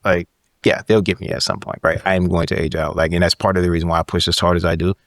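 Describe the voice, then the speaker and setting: A man's voice: low-pitched, fast talker, creaky, no room sound. A man in his thirties, a podcast guest, telling a story in casual conversation and often checking in with "right?". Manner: animated storyteller, frequent "right?" tags.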